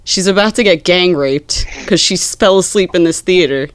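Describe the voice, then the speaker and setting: Crisp-voiced man in a dry, close recording. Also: high voice, moderate pace, dry recording. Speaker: podcast co-host. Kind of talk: casual movie-review chat.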